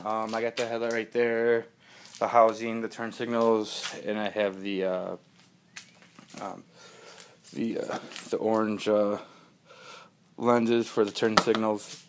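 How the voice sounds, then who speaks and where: A man's voice: on the low side, flat delivery, slow pace, pauses often, background noise. A man casually talking through his motorcycle project in a home garage, rambling with lots of ums and uhs. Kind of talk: casual workshop vlog.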